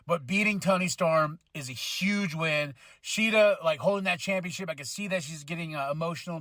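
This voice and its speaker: A man hosting a wrestling podcast, reviewing a show in an excitable, slangy way and breaking into shouts when thrilled. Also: high-pitched, no echo. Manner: casual slangy delivery, laughs often.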